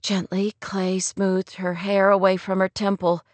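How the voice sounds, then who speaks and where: A woman narrating a novel in a gentle, measured way. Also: mid-range voice, little pitch movement, dry recording. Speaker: audiobook narrator. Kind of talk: scripted narration.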